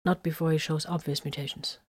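Woman reading as clipped, grudging male field medic; low voice, quiet, withholding. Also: fairly even intonation, brisk, husky, no room sound, clean studio sound. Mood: guarded. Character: terse, reluctant male battle medic.

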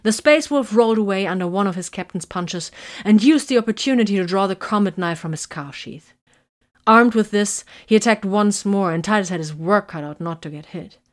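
A woman reading a story aloud in a steady, measured narration. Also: medium pitch. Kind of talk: audiobook reading of fan fiction.

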